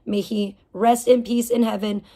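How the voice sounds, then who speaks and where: A woman's voice: fairly high pitch, level tone, moderate pace, dark tone. A woman livestreaming and reading her chat, ranting casually with heavy swearing, indignant and rambling. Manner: rambling with fillers and restarts.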